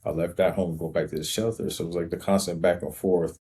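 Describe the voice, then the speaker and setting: A man hosting his own show, slowly and reflectively recounting his life story with frequent pauses and ums. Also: low-pitched, little pitch movement, mellow, breathy edge. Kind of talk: personal storytelling monologue.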